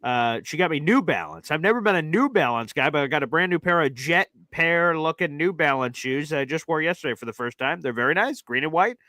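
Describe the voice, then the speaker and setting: A young man co-hosts a sports talk show with quick, easygoing, joking banter. His voice is bright and fairly high, recorded close and dry. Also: animated, no echo. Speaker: podcast co-host. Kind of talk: casual sports chat.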